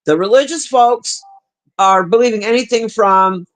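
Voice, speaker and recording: A man's voice: high voice, measured pace, a bit bright. A man livestreaming, chatting casually and crudely with his viewers in a rambling way. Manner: profane, chatty, talks to the chat. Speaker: livestream host.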